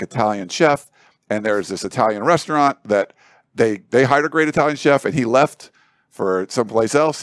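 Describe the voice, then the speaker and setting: A man's voice: medium pitch, no room sound. A man giving casual sports commentary on a studio talk show, rambling and thinking aloud with lots of filler words and food analogies.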